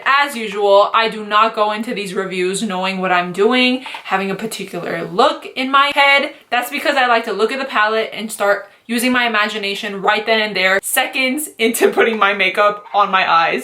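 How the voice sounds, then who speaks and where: Speaking in a mid-range voice, a young beauty vlogger eagerly unboxes products and walks through a makeup tutorial. Her delivery is dramatic and gushing, packed with slang.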